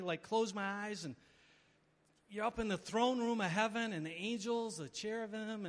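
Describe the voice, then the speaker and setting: A pastor preaching a sermon, animated and dramatic, with playful asides to the congregation. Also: male voice, high voice, in a large hall.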